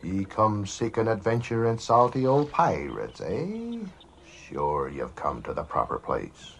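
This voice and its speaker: A man's voice: on the low side, wildly swooping pitch, measured pace, creaky, a little hiss or hum, heavily acted. A man voicing a salty old pirate who warns riders, drawling in pirate dialect for a theme park ride. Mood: ominous.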